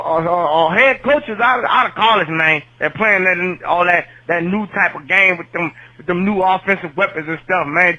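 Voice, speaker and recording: A man's voice: high voice, pushed and bright, poor audio. A man calling in to a fan podcast, ranting with heated, profane complaints. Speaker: caller. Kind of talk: phoned-in fan rant.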